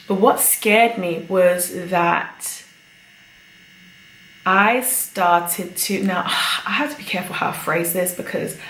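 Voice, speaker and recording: A woman's voice: fairly low pitch, fairly bright tone, echoey room, a little hiss or hum, rough recording. A chatty woman giving a pregnancy update on her vlog, a little out of breath and laughing often. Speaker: vlogger.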